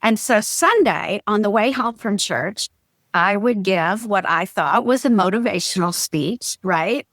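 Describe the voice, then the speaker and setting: A woman's voice: mid-range voice, measured pace, no echo, clean studio sound. A woman, a marriage coach telling stories in a podcast chat and acting out the lines of the people in them. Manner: animated storyteller acting out quotes. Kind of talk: casual storytelling chat.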